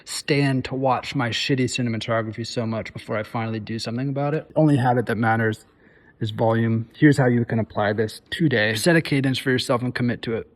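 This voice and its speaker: A man's voice: medium pitch, fairly even intonation, a little fast. A man filmmaker in a casual vlog, talking loosely with many fillers and pushing the viewer on. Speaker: filmmaker giving advice.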